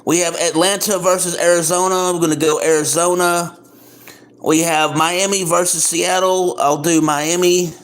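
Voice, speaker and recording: A man talks casually as the host of a livestream, in a voice pitched a little high. He reads through a list at an easy pace, often filling gaps with ums and repeating himself. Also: level tone, fairly bright tone. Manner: plain, unhurried, with frequent ums and repeats. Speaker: livestream host making baseball picks.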